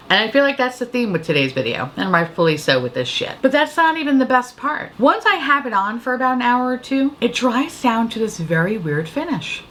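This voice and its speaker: A woman's voice: a little high, fairly bright tone, slight background noise. New York woman beauty vlogger, cursing and sarcastic, voice swooping all over. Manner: profane, sarcastic and dramatic. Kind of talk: casual product review chat.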